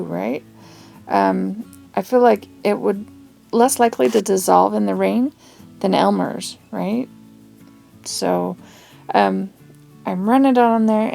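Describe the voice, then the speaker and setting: A woman's voice: medium pitch, gravelly, mellow. A woman hosting a casual craft tutorial, chatty and rambling, with asides and little laughs as she works.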